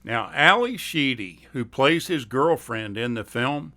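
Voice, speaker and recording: Slow, bright-voiced male trivia narrator. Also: mid-range voice, expressive. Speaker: host. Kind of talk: scripted narration.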